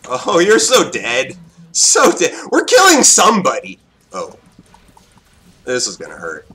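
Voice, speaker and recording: Excitable young man, lively voice. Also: a little slow. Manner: excitable, swings from loud outbursts to low mutters. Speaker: gaming commentator. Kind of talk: live game commentary.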